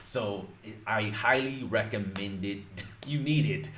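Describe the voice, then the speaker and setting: A man's voice: on the low side, measured pace, fairly bright tone, slight background noise. A man teaching real estate wholesaling in casual talk, emphatic and repetitive, calling his viewers folks. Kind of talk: casual instructional talk to camera. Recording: roomy echo.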